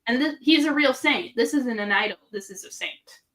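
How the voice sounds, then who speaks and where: A woman's voice: fairly high pitch, moderate pace, fairly bright tone. Chatty joking woman. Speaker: podcast co-host. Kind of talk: casual chat.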